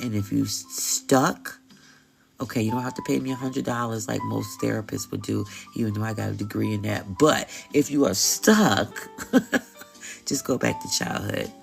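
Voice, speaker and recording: Gravelly tarot reader going live, slangy and blunt, soft music under it. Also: medium pitch. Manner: chatty and blunt, slangy, swears, laughs often. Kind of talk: casual live-stream tarot reading.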